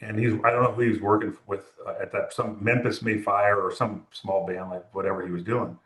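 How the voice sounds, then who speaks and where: Man, low voice, roomy echo, rambling anecdotes, interview guest. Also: level tone, a little fast, a bit bright. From California. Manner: rambling, anecdotal, acts out quoted dialogue. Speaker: music photographer, guest. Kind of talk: relaxed interview storytelling.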